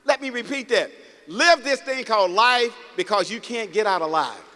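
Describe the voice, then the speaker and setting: A man with a high, bright, ringing voice delivers a motivational talk to a packed auditorium. He speaks in a storytelling, preachy way and keeps calling out to the crowd. His words carry a long echo through the hall, and audience laughter rises now and then. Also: animated, normal speed. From Mississippi, United States. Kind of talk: motivational speech. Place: large auditorium.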